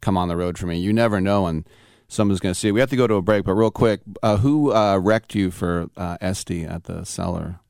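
A man's voice: low-pitched, fairly quick, creaky, a little mellow, clear, resonant tone, no echo, studio quality. A man from the San Francisco Bay Area hosting a sports radio show, asking easygoing conversational questions. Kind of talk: casual radio interview.

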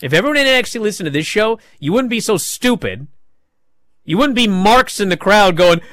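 A man hosting a wrestling talk show, recapping matches in casual chat with animated, mocking outbursts. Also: high voice, brisk, dry recording, clean studio sound. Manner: animated, mocking, jumps to shouting. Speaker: wrestling podcast host.

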